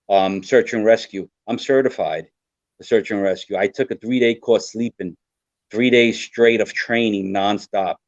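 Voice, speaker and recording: The guest on this casual podcast is an older survival expert whose voice is fairly low and a little mellow. He talks earnestly, rambles and repeats himself, in a dry, dull lo-fi recording with no room sound.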